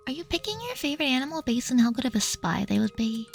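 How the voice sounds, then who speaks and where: A woman streaming ASMR, speaking very close to the mic, whispering soft and doting reassurance and reading chat questions aloud. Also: high-pitched, sing-song, quick pace, gravelly, soft background music.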